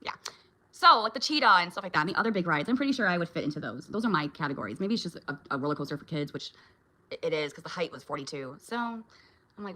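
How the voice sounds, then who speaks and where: A woman's voice: lowish voice, lively intonation, fast talker, long pauses, sharp tone. A woman, a mom, chatting casually with her viewers in a vlog, reacting to their comments and laughing often. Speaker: vlogger and mom.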